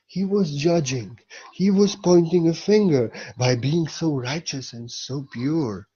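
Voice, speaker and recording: A man's voice: on the high side, slow pace, warm tone, husky, lo-fi sound. A man speaking as a spiritual teacher in a blunt, emphatic monologue, with non-native phrasing and frequent swearing.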